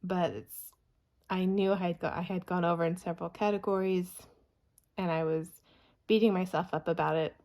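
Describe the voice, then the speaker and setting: A woman's voice: lowish voice, steady tone, dull audio. Chatty woman vlogger going over her budget. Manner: chatty, self-reassuring, quick with figures. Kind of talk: casual spoken budget review.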